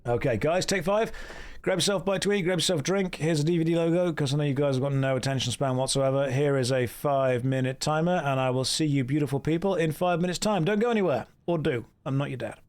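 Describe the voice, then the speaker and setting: A man's voice: a little high, fast talker, a little mellow. A British man live-streaming a game, chatting casually and joking as he reads out and riffs on viewer messages.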